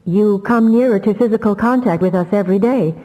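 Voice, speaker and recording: A woman's voice: mid-range voice, a little fast, warm tone, in a large hall, voice pushed up, lightly acted, rough recording. A woman voicing a passionate, defiant young telepath who pleads and cries out. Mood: guarded. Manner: pleading, strained, near shrieking.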